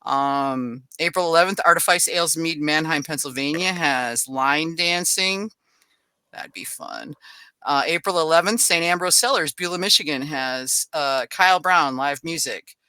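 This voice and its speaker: On her podcast, a woman runs through upcoming events in a relaxed readout, moving quickly but stopping for little laughs and chatty side comments. Her voice is deep with a sharp, clean tone, recorded without room sound.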